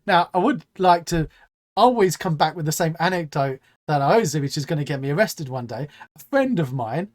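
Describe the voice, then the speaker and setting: A man hosting a casual interview over a video call, playful and quick to laugh. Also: fairly high pitch, lively intonation. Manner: playful, laughs often, stumbles over words. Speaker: interview host. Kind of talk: casual chat.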